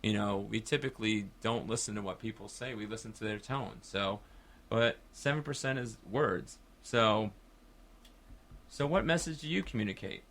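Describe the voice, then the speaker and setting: Man, radio host, low voice, bright forceful tone, casual rambling chat. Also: normal speed. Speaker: radio talk show host. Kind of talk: call-in radio talk.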